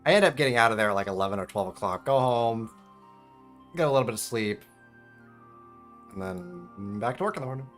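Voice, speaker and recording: A young man streaming a game, telling a story in a casual, swearing, animated way and squeaking out high alarm noises. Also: brisk, long pauses, faint music behind. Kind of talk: casual storytelling while gaming.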